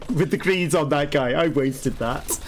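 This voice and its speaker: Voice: mid-range voice, slight background noise. A let's play host giving casual gameplay commentary, chatty and jokey, laughing often and calling out to teammates.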